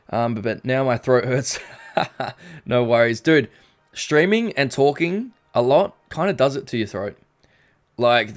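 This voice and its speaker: Aussie guy streaming, rambly and casual, medium voice, soft music in the back. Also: mid-range voice. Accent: Australian. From Australia. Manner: rambling, reads chat aloud, frequent ums. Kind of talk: casual live-stream chat. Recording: faint background music.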